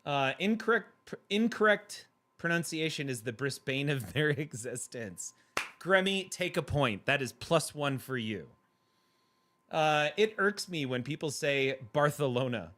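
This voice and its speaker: A man's voice: on the high side, animated, a little slow, a bit bright. A man hosting a livestream, chatting casually with viewers and laughing often in a playful way. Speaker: livestream host reading chat. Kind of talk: casual chat.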